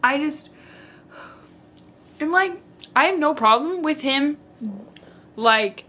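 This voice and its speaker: A woman book vlogger talks casually and theatrically, sprinkling "like" everywhere. Her voice is bright and a little high. She takes her time, speaking at an unhurried pace. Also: expressive. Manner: chatty and theatrical, heavy use of "like". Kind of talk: casual reading vlog chat.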